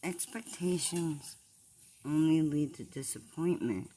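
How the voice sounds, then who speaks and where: Slow, low-voiced woman confessing on her vlog. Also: mellow, slight background noise. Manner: halting, repeats herself, trails off. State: distressed. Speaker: vlogger.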